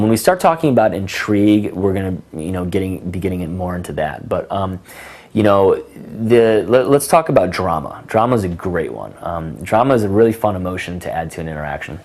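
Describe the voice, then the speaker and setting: A man with a low voice explains dating tips in a loose, casual coaching talk. He fills his sentences with um and you know. When he acts out example lines, his voice leaps up with sudden energy. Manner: animated, acts out example lines with big pitch jumps; many fillers like um and you know.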